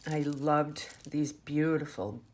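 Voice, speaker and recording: Woman, low voice, chatty show-and-tell vlog, gushing, faint hiss behind. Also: fairly even intonation, slow pace, darkish tone. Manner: chatty, gushing, with fillers and restarts. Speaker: jewelry maker showing her work. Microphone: camera mic on a tabletop.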